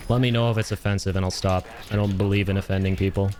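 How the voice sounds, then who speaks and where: A man streaming a video game live, chatting with his viewers, swearing and yelling at the game as he plays. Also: deep voice, fast talker, soft background music. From Canada. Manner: excitable, swears and yells at the game. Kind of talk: casual live-stream gaming chat.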